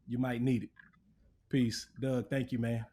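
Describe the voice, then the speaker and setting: A man's voice: medium pitch, level tone, unhurried, dark tone, breathy edge. A man hosting a podcast, thanking his guest and reading a scripted sign-off. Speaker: podcast host. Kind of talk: podcast outro. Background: music.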